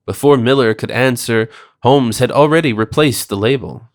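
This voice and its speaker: A male narrator reads a period detective story in the first person with measured, formal diction. His voice sits at an ordinary middle pitch and keeps an even, steady pace. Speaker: audiobook narrator.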